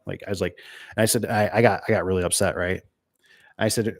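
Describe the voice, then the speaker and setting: A man talks about running his small business in a loose, rambling way, dropping in fillers and acting out old conversations in quotes. His voice sits a little low. It is recorded close and dry, with no room sound. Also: steady tone, fast talker, vocal fry, no room sound. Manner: rambling, conversational, lots of fillers and "right?" tags; retells conversations in quoted dialogue. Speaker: door and gate business owner. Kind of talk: casual chat.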